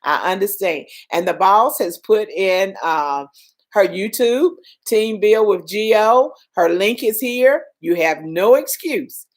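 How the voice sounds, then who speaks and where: Hosting a casual livestream chat, a woman from the Southern United States speaks slowly and deliberately in a Southern accent, greeting viewers by name and preaching folksy encouragement. She's animated, her pitch leaping high and dropping low as she moves from loud urging to soft asides.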